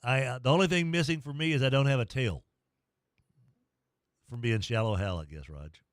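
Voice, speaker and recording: A man's voice: mid-range voice, big pitch swings, fast talker, no room sound, studio quality. A middle-aged man hosting sports talk radio, rambling and joking at his own expense. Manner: rambling, jokey, self-deprecating.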